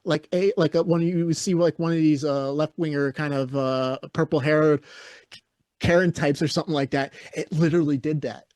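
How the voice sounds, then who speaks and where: A man co-hosts a podcast, chatting casually and telling stories in a blunt, opinionated style. His voice is a little high and a little mellow, with fairly even intonation at a normal speed, in a dry, clean studio recording.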